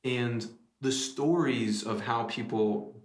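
A man hosting a podcast, asking questions in a loose, relaxed way full of "like" and "yeah". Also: medium pitch, slow pace. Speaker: podcast host. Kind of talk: casual interview chat. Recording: roomy echo.

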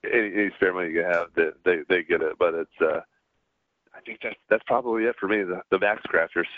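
Middle-aged Southern man, interview guest, halting storyteller, low voice over a tinny line. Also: no echo. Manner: halting, many restarts and fillers. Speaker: guest, former pro pitcher. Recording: dry, tinny phone-like line.

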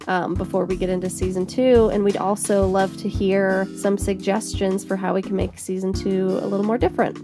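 A woman's voice: medium pitch, little pitch movement, a little fast, few pauses, music in the background. A woman co-hosting a podcast, chatting casually and reflectively about a TV episode. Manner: reflective, talks through ideas with fillers. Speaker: podcast co-host. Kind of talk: casual chat.

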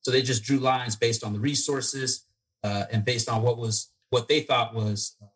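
A man from Eritrea appears as a podcast guest and explains at length. He talks in a measured, unhurried way and pauses often with "uh". His voice sits at a middle pitch. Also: fairly even intonation, a bit bright. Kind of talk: interview answers.

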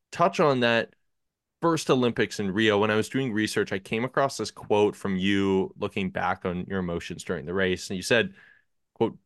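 A man's voice: on the low side, a bit bright, no echo, studio quality. A man hosting a podcast, asking long, thoughtful questions in a conversational way. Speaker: podcast host.

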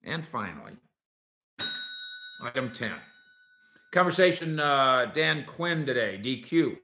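A man's voice: mid-range voice, takes it slowly, reverberant. A man hosting a solo sports talk show, arguing his points and talking directly to his listeners. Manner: animated, argumentative, talks to listeners directly. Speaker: sports podcast host.

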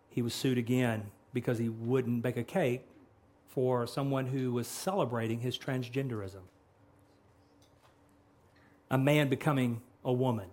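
A man's voice: medium pitch, darkish tone. A man preaching a sermon who retells scripture dramatically and acts out its dialogue. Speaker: pastor.

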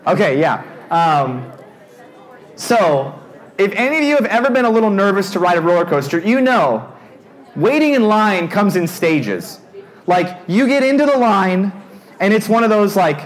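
A young man preaching in a casual storytelling way. His voice rides up high and swoops back down as he acts out his own panic, and his pitch sits a bit above most men's. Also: sing-song, normal speed. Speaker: youth pastor. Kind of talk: storytelling sermon.

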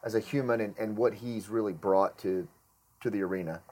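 A man's voice: fairly low pitch, fairly quick, a little mellow. A man hosting a podcast interview, asking rambling questions that correct themselves as he goes. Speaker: podcast host. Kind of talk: casual interview chat.

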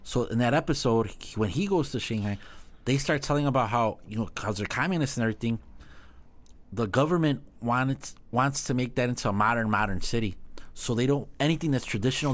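A man's voice: medium pitch, fairly quick. A man telling a travel story in casual chat, swearing often and acting out what people said. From Mexican heritage. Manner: profane, animated storytelling with acted-out dialogue. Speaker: podcast guest.

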